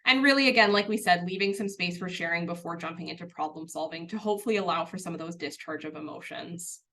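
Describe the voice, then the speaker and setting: A woman presents a workplace training webinar in an earnest, conversational style, adding a touch of self-deprecating humour. Her voice is on the low side, bright and forceful, and she talks fast.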